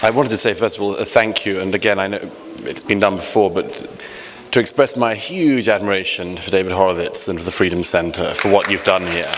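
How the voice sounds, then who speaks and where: A man's voice: low voice, fairly even intonation, brisk, a crowd in the background, noisy background. A British man giving a conference panel speech, earnest with hesitant restarts and wry humor, into a podium microphone. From Britain. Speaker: panel speaker. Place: large hotel conference hall. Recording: echoey hall, faint ambience.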